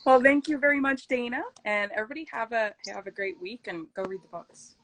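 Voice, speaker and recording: A woman's voice: a little high, a little fast, a bit bright, poor audio. Gushing woman hosting a book chat. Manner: gushing, with frequent restarts. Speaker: host.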